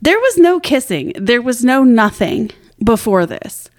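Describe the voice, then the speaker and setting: A woman's voice: fairly high pitch, big pitch swings, a little slow, a little mellow, no echo, clean studio sound. A woman co-hosting a podcast, telling a long, rambling story in casual chat with a lot of swearing and self-mockery. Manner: rambling, profane, self-deprecating. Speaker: podcast co-host.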